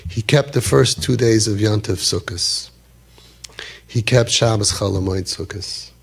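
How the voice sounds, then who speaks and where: A man's voice: fairly low pitch, unhurried, creaky. A man in his fifties telling a personal story animatedly, peppered with Yiddish and Hebrew words. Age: 50s. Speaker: storyteller speaker.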